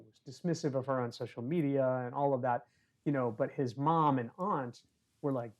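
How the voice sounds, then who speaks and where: A man talking as a podcast guest in a relaxed storytelling way. He leans on fillers, acts out other people's voices and slips in wry, self-deprecating humor. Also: mid-range voice, lo-fi sound. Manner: chatty, many "you know" fillers, acts out quoted voices. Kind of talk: casual conversational storytelling.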